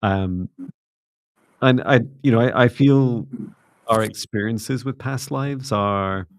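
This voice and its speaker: A middle-aged man hosting a spiritual livestream, talking in a soft, gently meditative way. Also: mid-range voice, takes it slowly, no echo, clean studio sound. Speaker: psychic mentor and livestream host. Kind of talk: casual livestream chat and guided closing.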